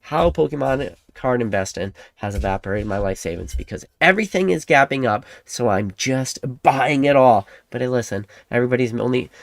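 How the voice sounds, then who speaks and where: A man hosting his own channel, talking in a rambling, animated way and acting out the imagined replies of his viewers. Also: medium pitch, brisk, vocal fry, hardly any pauses, no room sound. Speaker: Pokemon card collector and channel host. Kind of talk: casual monologue to camera.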